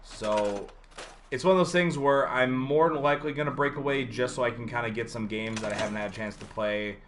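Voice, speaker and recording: Guy streaming games, rambly and chatty, ums and uhs, mid pitch, faint hiss behind. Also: fairly quick, a bit bright. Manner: rambling, chatty, lots of fillers, answers chat. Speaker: game streamer. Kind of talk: casual live-stream commentary.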